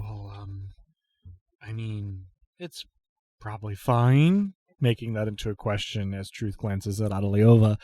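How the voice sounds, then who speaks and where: A man narrating a tabletop role-playing game as game master, quietly voicing the characters in an unhurried way. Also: fairly low pitch, dry recording.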